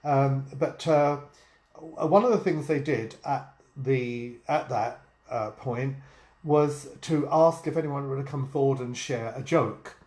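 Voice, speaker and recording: Telling jokes and stories as a vlog co-host, a man speaks slowly at medium pitch with a darkish tone, dropping frequent ums and uhs in this casual storytelling chat. The recording has an echoey room sound.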